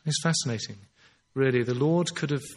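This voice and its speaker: A man preaching a sermon in an earnest, emphatic way, slowing down on his key phrases. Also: medium pitch.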